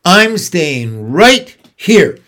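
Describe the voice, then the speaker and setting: A man's voice: high-pitched, sing-song, extremely slow, a bit bright, exaggerated voice. A man reading aloud and voicing a grumpy, greedy male rat who grumbles.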